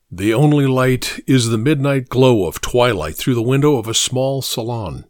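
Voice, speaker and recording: Brief: male narrator, middle-pitched, measured reflective storytelling, dry close recording. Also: no echo.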